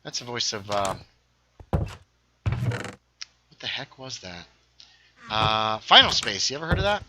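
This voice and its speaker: A middle-aged man hosting a game livestream, yelling at enemies and chatting casually. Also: on the low side, very animated, slow, a little hiss or hum. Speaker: livestream host. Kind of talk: casual gameplay commentary.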